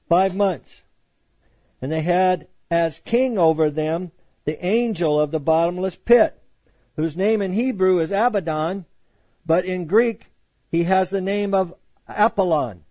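A man's voice: high-pitched, a little slow, dark tone, no echo. A man teaching verse by verse through the Bible, reading scripture aloud and then explaining it in a conversational way with joking asides.

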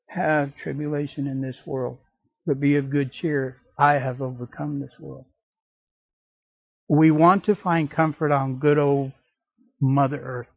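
An animated male preacher delivering a sermon and slipping into playful voices and asides. His voice sits a bit high and sounds husky. The recording is dry and slightly dull. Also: dry recording.

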